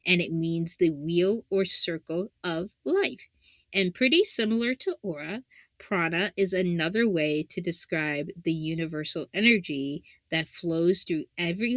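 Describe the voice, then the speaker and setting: A woman's voice: on the low side, fairly bright tone, dry recording, studio quality. A woman hosting an anime analysis talk in a casual, rambling way, filling her speech with "like" and often laughing. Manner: rambling, many "like" fillers, frequent laughter.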